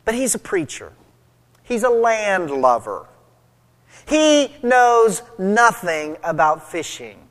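Animated preacher man in a reverberant hall. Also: sits high, takes it slowly. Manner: animated storytelling, acting out quoted voices. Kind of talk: sermon.

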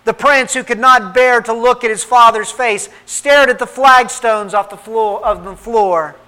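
A man narrating a story in a measured, dramatic way, with pauses. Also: very high-pitched, sharp tone, rough recording.

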